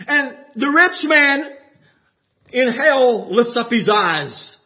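A man preaching a sermon with passion, rising to shouts and dropping low. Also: very animated, takes it slowly, dull audio.

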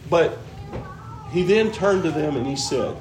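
A man with a drawl and a notably high voice teaches from the Bible in an earnest, musing way, often asking questions aloud. The room is roomy and echoey, with faint noise underneath. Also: animated, a little slow, a little mellow. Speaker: preacher.

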